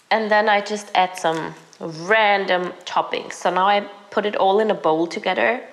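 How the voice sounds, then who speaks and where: Hoarse, sick woman vlogging. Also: medium pitch. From Germany. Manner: chatty, self-deprecating, talks to the viewer while cooking. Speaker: lifestyle vlogger. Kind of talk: casual cooking vlog chat. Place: home kitchen.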